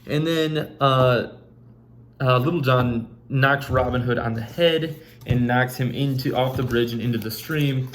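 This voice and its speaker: A man's voice: medium pitch, a little slow, slight background noise. A man teaching a recorded literature lesson in a casual way, with frequent fillers and restarts. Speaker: English teacher.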